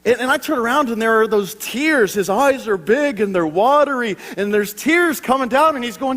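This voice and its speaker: A man in his thirties delivers a sermon as a storyteller, often stumbling over his first words before pressing on. His voice sits high for a man. The sound carries a long reverb, as if captured on a convention stage in a large auditorium. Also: expressive, normal speed, hardly any pauses, fairly bright tone. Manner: storytelling with frequent stammered restarts. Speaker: preacher.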